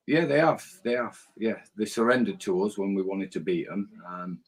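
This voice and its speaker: A man's voice: fairly low pitch, moderate pace, crowd noise, rough recording. A man co-hosting a casual fan podcast, blunt, swearing freely and repeating his words. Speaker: co-host.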